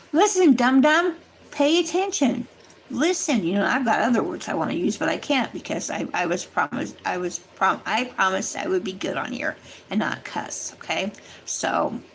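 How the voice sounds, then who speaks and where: A woman's voice: mid-range voice, vocal fry, slight background noise, rough recording. A woman hosting a livestream, chatting casually and earnestly to her viewers, rambling as she warns them. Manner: addresses viewers directly. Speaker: livestream host. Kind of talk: casual chat to a live audience.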